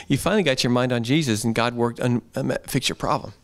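A man's voice: mid-range voice, fairly quick. A pastor giving an earnest, conversational sermon in a church, often repeating his phrases.

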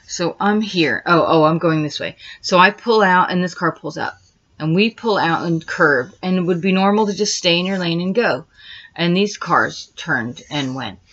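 A woman's voice: fairly low pitch, moderate pace, fairly bright tone. A woman vlogger rambling through a first-person account step by step, growing agitated as she retells it. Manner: rambling, retraces events step by step, grows agitated. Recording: dull lo-fi recording.

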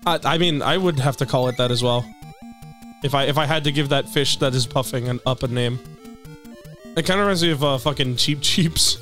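A young man chatting casually over a video game, excitable and teasing, laughing often. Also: medium pitch, brisk. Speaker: co-host watching a let's play. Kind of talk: casual gaming chat. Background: faint game music.

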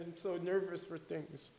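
A male pastor preaching a sermon in a church over a microphone. He rambles with self-mocking humor, and his loudness swings from hushed asides to loud bursts. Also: high-pitched.

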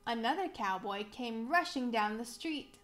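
A woman reading a children's picture book aloud, slow, clear and expressive for young children. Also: on the high side. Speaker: museum storybook reader.

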